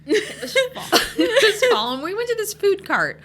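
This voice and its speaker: A woman's voice: very high voice, sing-song, moderate pace, fairly bright tone, a little hiss or hum. A woman who hosts a podcast and farms cut flowers, chatting casually and telling stories with frequent laughter. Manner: chatty storyteller, laughs often.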